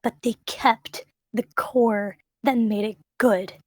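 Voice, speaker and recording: Brief: woman interviewer, slightly high voice, emphatic and enthusiastic, dry close sound. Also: steady tone, slow pace, a little mellow, no echo. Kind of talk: casual chat about games.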